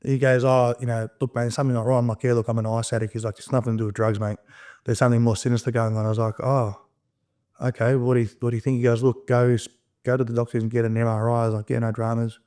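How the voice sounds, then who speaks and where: A man in his thirties talks quickly as a podcast guest. He tells his story in a casual, profane way and acts out every bit of dialogue with energy. His voice sits in the middle range. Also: mid-range voice. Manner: rapid, animated, profane storytelling, acting out quoted dialogue.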